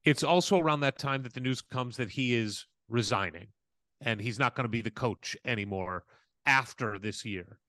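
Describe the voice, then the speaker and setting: Guy hosting a sports podcast, asks calm follow ups, dry mic. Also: mid-range voice, normal speed, no room sound. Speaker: podcast host, interviewer. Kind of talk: conversational interview questions.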